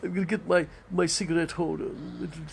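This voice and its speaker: A man's voice: fairly high pitch, flat delivery, fast talker, gravelly, a little hiss or hum, pitched above the performer's own voice. A man doing a camp 1920s luvvie actor. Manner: camp, sing-song, repeating himself. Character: affected 1920s luvvie actor with cigarette holder.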